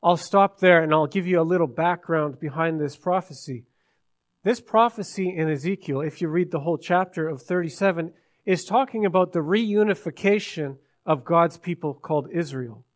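A man with a high voice preaches to his congregation. He keeps asking rhetorical questions, drops to a hush, then rises to loud emphasis. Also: moderate pace. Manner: dramatic swings from hushed to loud, rhetorical questions. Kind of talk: sermon.

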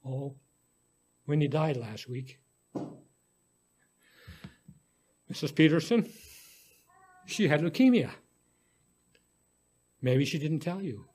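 A man reading the lines of a drawn, grieving young mother in a soft, subdued, apologetic way. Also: fairly high pitch, expressive, slow pace, long pauses, breathy edge, heavily acted.

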